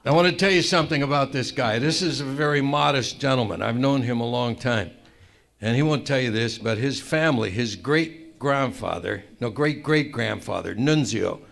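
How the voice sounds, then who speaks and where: A male comedian at a roast, spinning a mock-sincere tall tale with deadpan asides. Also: medium pitch, moderate pace, creaky. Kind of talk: stand-up storytelling at a roast. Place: club room with a live audience.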